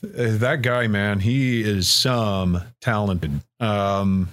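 A man's voice: lowish voice, takes it slowly, a bit bright. Easygoing Canadian man. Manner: easygoing, storytelling, filler-heavy. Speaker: podcast guest, radio host. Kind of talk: casual podcast chat.

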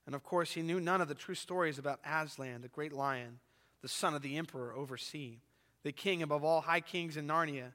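High bright-voiced preaching man. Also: a little fast, in a large hall. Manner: dramatic, animated storytelling. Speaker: pastor. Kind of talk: sermon with expressive reading aloud.

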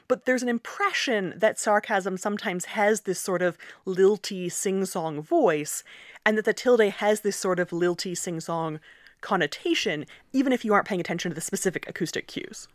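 A woman's voice: medium pitch, sing-song, moderate pace, dry recording, studio quality. A woman linguist guest in a casual interview, explaining with animation and laughing often as she acts out examples.

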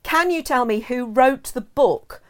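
A woman's voice: sits high, expressive, a little slow. A woman co-hosting a podcast, sharing trivia in a chatty, amused way with small hesitations. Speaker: podcast co-host. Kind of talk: casual trivia chat.

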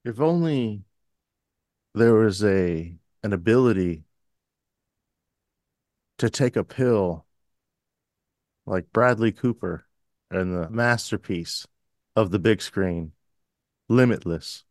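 A man's voice: on the low side, slow, pauses often, darkish tone, no echo. Dry-voiced man riffing sarcastically. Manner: sardonic, riffs with mock grandeur. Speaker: podcast co-host. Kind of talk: casual comedic banter.

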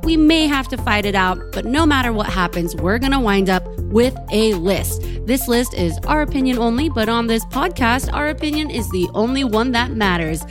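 A woman's voice: on the high side, lively intonation, moderate pace, hardly any pauses, over music. Chatty woman podcast co-host. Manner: chatty, laughs often. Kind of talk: casual chat.

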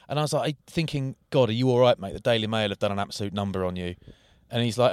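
A man in casual podcast banter, telling an animated story about a friend. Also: medium pitch, fast, hardly any pauses, dry recording, studio quality. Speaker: podcast co-host. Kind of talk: casual chat.

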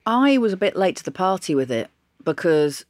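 A woman's voice: lowish voice, big pitch swings, moderate pace, no room sound. Chatty woman, dry mic. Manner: chatty, jumps between topics, laughs often. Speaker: podcast guest, comedian. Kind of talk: casual chat.

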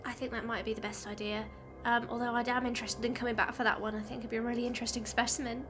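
A woman's voice: a little high, flat delivery, very fast, music in the background. A woman player in a tabletop game who talks eagerly and with curiosity. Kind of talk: casual chat at a game table.

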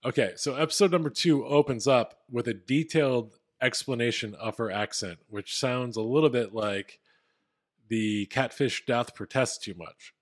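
A man's voice: mid-range voice, normal speed. A man co-hosting a casual podcast, retelling a story with plenty of fillers. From Philadelphia area. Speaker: podcast co-host.

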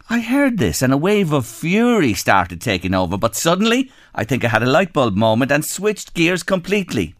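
Irish male radio host, reads messages with a very animated, bouncy delivery, dead dry studio mic. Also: on the high side, moderate pace, hardly any pauses, no room sound. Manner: lively storytelling, animated when reading. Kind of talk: casual radio chat, reading listener messages.

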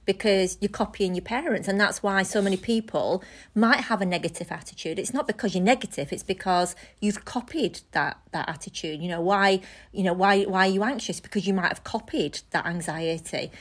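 A middle-aged woman from England co-hosting a casual chat, talking in a lively, emphatic and teasing way. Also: mid-range voice, brisk. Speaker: podcast co-host.

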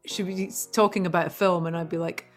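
A woman musician chatting as a podcast guest, telling lively stories with frequent swearing and laughter. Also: on the low side, a little fast, faint music behind. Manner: animated storyteller, swears freely, laughs often. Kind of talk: casual interview chat.

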